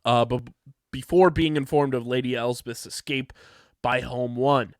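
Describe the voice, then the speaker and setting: A man's voice: medium pitch, dry recording. Male host, tired late-night energy, enthusiastic reviewer, dry close sound. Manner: energetic, enthusiastic, fast ad reads. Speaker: podcast host. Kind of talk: podcast review and ad reads.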